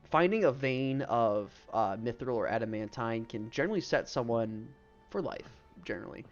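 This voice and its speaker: A man's voice: mid-range voice, expressive, moderate pace, muffled recording, faint music behind. A man running a live-streamed tabletop game as game master, talking loosely with lots of "um" and "like". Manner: loose and rambling, full of "um" and "like".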